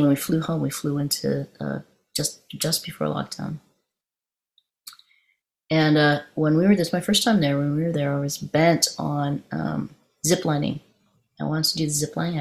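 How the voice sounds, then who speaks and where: A woman giving an informal meditation talk, telling a story in a halting, conversational way with frequent restarts. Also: low voice, creaky. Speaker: meditation teacher.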